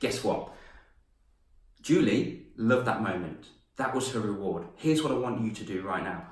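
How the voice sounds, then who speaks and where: A young man, a confidence coach and former teacher, telling stories in a lively lesson to camera and acting out voices as he goes. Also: mid-range voice, recorded from a distance. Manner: animated, laughs at his own stories, acts out voices. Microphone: camera mic. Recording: roomy echo, mic set back.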